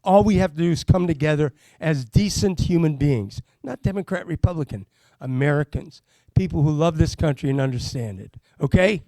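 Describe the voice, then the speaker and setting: A man, a state legislator from Pennsylvania, gives an impassioned political speech that builds to loud, emphatic calls. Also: on the high side, animated, normal speed, no echo.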